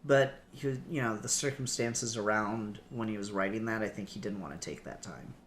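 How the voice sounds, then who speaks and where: A man co-hosting a podcast in casual chat, animated, acting out bits in quick bursts. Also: on the low side, crowd noise. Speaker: podcast co-host.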